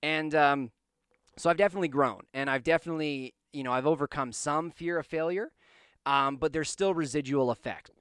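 A man's voice: a little high, fairly quick, a bit bright, clear, resonant tone, no room sound. A man hosting his own podcast from a basement studio, talking earnestly and rambling with restarts while he hiccups and coughs. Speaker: podcast host. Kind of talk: casual solo podcast monologue.

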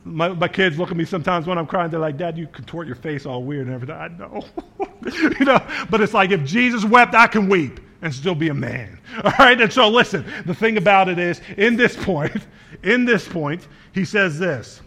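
A man's voice: high voice, expressive, normal speed, sharp tone. A man preaching a sermon as pastor, speaking earnestly and directly to his congregation and quoting scripture with small verbal slips.

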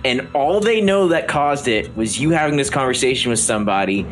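A man narrating a tabletop game as game master, a lively storyteller who often restarts his sentences. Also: medium pitch, brisk, slight background noise, low-quality recording. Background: background music.

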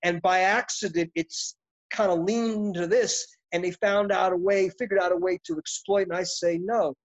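This middle-aged man, an actor guest in an interview conversation, has a high voice, normal speed and fairly even intonation. His talk is intense, passionate, reflective and rambling, captured on dull lo-fi audio.

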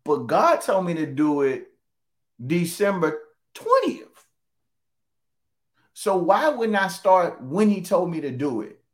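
A man's voice: sits high, big pitch swings, slow, pauses often. A man preaching a conversational sermon, repeating key phrases for emphasis and reading scripture aloud.

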